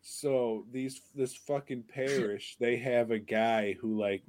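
A man with a lowish voice chats on a podcast, taking his time as he tells a rambling story. He swears constantly in an easygoing, unhurried delivery. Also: darkish tone, dry recording. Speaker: podcast co-host. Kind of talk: casual chat.

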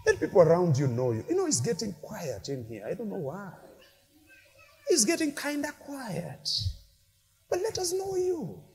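A male pastor preaching a lively sermon in a large church hall, mixing shouted peaks with playful asides. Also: sits high, normal speed, husky. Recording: long hall reverb from a church.

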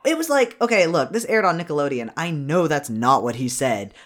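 Man, podcast co-host, lively swooping pitch, rambling, profane movie recap. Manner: rambling, profane, animated, quick bursts. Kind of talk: casual chat.

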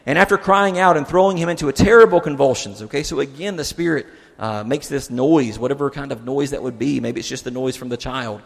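A man's voice: mid-range voice, brisk, gravelly, hardly any pauses. A male pastor giving a conversational sermon, putting rhetorical questions to his listeners. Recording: long hall reverb.

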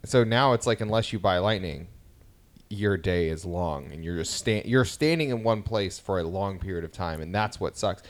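Speaking with a deep voice at a moderate pace, a podcast co-host in his thirties chats casually about his family. He tells the stories with energy, performing his kids' lines himself.

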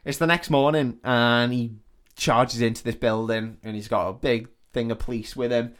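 A man on a podcast, chatting loosely as he recounts a film scene by scene. He swears freely, laughs often and slips into the characters' lines as he goes. His voice sits at an everyday middle pitch for a man. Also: fairly even intonation, moderate pace, fairly bright tone. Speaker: podcast co-host. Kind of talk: casual chat retelling a film plot.

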